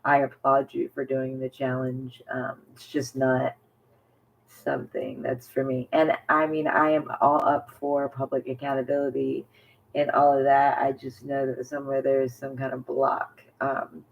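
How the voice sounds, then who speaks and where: A woman's voice: a bass voice, flat delivery, normal speed, vocal fry, dull audio. A woman talking candidly to camera in a casual personal vlog, rambling with many fillers. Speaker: vlogger.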